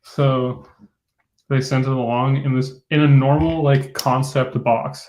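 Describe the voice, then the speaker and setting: A man co-hosting a casual livestream chat, talking in a relaxed, chatty way. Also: mid-range voice, unhurried, a little hiss or hum, poor audio. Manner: relaxed, even-toned, chatty.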